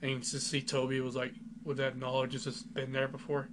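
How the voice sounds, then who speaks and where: A man's voice: mid-range voice, monotone, fairly quick. A man co-hosting a casual podcast who talks in an enthusiastic, rambling way and fills his speech with "like.". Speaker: podcast co-host. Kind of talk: casual chat. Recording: noisy home recording.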